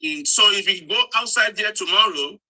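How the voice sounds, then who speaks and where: A man's voice: sits high, lively intonation, normal speed, gravelly, sharp tone, poor audio. A man addressing everyone in an online audio room, making an earnest, formal statement.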